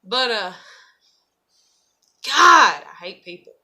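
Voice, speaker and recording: A woman's voice: fairly high pitch, very animated, slow, sharp tone. A young woman chatting in a loose, rambling vlog, swearing constantly. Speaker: vlogger. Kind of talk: rambling casual vlog chat.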